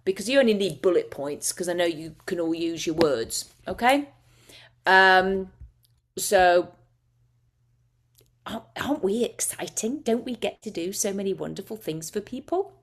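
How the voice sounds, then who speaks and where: A woman's voice: medium pitch, animated, normal speed. A woman hypnotist teaching a masterclass, talking casually and emotively with frequent restarts.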